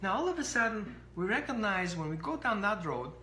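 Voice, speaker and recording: A dog trainer giving an animated explanatory talk to camera, acting out little scenes. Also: medium pitch, fairly quick, roomy sound, slight background noise.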